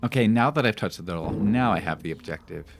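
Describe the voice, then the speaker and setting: A man's voice: lowish voice, brisk, soft background music. A young man chatting casually on a live game stream, rambling and reacting jumpily. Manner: animated, jumpy reactions, rambling anecdotes.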